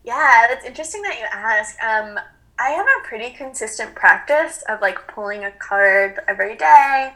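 A woman's voice: a little high, animated, moderate pace, fairly bright tone, poor audio. A woman speaking earnestly and reflectively in a casual spiritual chat, with frequent fillers.

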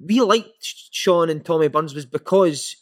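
A Scottish man telling a lively football anecdote in casual chat, swearing and acting out quotes. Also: fairly high pitch, measured pace, no room sound, studio quality. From Scotland. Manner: animated storyteller, swears freely, acts out quotes. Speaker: former footballer guest.

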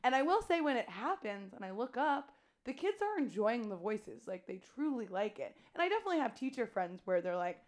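A woman's voice: on the high side, a little fast. Chatty woman teacher co-hosting. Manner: animated, talks through her thoughts with quoted asides. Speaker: podcast co-host, classroom teacher. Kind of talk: casual chat.

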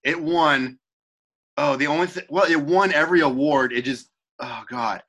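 A young man with a bright, forceful voice talks in a loose, rambling way. He stops and restarts often as he chats with a co-host. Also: fairly high pitch, normal speed. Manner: rambling, self-interrupting, frequent restarts. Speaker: podcast co-host. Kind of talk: casual chat.

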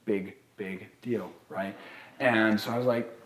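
Animated young man telling stories in a roomy echo. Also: on the low side, measured pace, slight background noise. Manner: animated storytelling, many "right?" tags. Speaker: therapist and podcast co-host. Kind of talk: casual live podcast talk.

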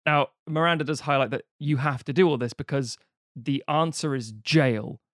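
A man, recapping a film on a podcast in a casual, sweary, mocking way, putting on quick voices for the characters. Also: medium pitch, no echo, clean studio sound. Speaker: podcast co-host.

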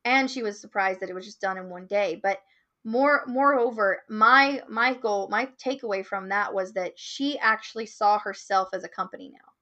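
A woman with a medium-pitched voice and moderate pace tells a client story as a guest in a casual interview; she owns a marketing business. She's an animated storyteller who acts out the quoted lines, and the recording has its highs cut off.

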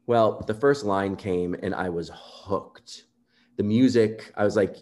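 A man being interviewed, telling a personal story in an earnest, animated way and acting out quoted remarks. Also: fairly low pitch, takes it slowly. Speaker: composer guest.

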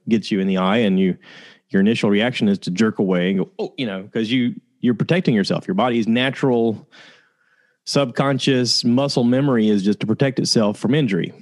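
A man casually telling a personal story to his listeners, candid and conversational, with frequent pauses and fillers. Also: on the low side, a little mellow.

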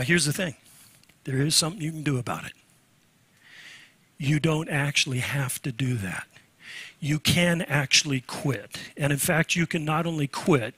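Pastor guy preaching, high bright voice, gets loud then drops soft, super dry sound. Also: no echo. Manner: animated preaching, rising loud on lists, dropping to soft asides. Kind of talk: sermon.

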